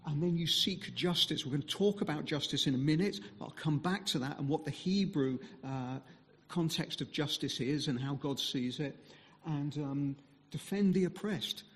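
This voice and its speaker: A man speaking as a visiting mission speaker, giving a conversational sermon full of pauses and fillers. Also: on the high side, fairly bright tone, long reverb tail. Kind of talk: sermon talk.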